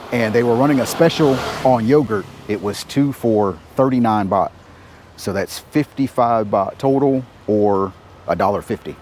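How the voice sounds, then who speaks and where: A man vlogs casually to the camera, laid-back and joking, as he strolls outdoors along city streets through a market and a laundromat. His medium-pitched voice is a little mellow, with slight background noise. It's casual vlog narration.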